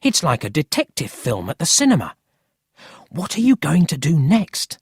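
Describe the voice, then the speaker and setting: A narrator voicing a cheeky, excited city boy in a storybook reading. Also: mid-range voice, normal speed, husky, dry recording, studio quality, pitched above the performer's own voice, heavily acted.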